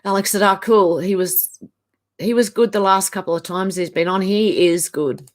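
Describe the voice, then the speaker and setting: With a medium-pitched voice and normal pacing, a woman from Australia chats casually on her livestream. She goes through the chat reading out viewers' comments and frequently laughs softly.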